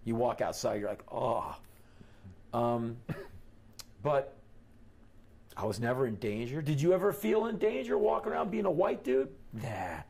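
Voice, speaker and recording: A middle-aged man from the United States telling stories in an interview in an animated way, quoting the people he met. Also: medium pitch, measured pace, creaky, long pauses, husky. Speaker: interview guest.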